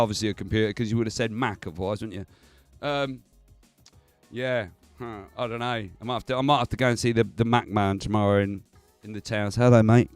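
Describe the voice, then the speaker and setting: A man's voice: mid-range voice, fairly bright tone, clear, resonant tone, no room sound. A man hosting a casual livestream, chatty and swearing, laughing often. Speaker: livestream host. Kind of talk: casual stream chat.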